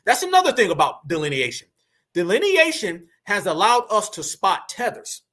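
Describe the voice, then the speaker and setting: A man talks in a high, bright voice. He gives animated, preachy commentary packed with slang, speaking straight to his online audience. His delivery stays casual and direct. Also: moderate pace.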